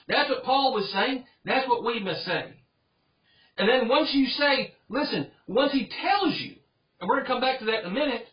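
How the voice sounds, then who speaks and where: A man with a very high voice preaches a Bible study sermon in an earnest, repetitive way. The recording is dull and lo-fi. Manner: earnest, repeats phrases for emphasis. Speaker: pastor.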